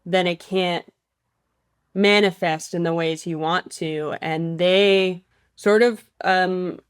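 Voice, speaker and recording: A woman's voice: lowish voice, fairly even intonation, takes it slowly, smooth, no room sound, clean studio sound. A woman hosting a podcast and teaching voice, asking questions in a thoughtful, chatty way. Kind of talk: casual podcast interview.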